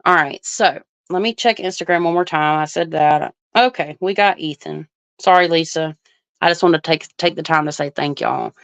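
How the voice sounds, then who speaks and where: Chatty woman with a smooth, dry voice. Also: low voice, moderate pace, no echo. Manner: chatty, thinks aloud while reading viewer comments. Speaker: astrologer livestream host. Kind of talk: casual livestream chat with viewers.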